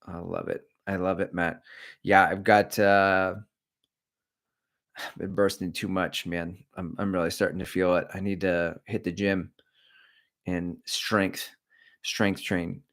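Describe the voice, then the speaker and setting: A middle-aged man with a deep, low voice hosts a running livestream. He talks candidly and rambles, cracking jokes as he moves from one thing to the next. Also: little pitch movement, slow, gravelly, pauses often, fairly bright tone. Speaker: running channel host. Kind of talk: casual livestream chat.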